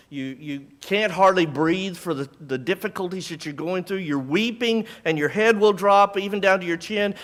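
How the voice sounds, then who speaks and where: A man's voice: on the high side, fairly bright tone, in a large hall. A middle-aged man preaching a sermon in an earnest, conversational way, often restarting his phrases.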